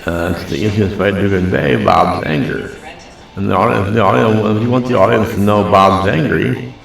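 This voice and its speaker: A man's voice: lowish voice, normal speed, gravelly. A man hosting a reaction video, chatting casually in a rambling, self-deprecating way that repeats itself. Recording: very echoey room, mic at a distance.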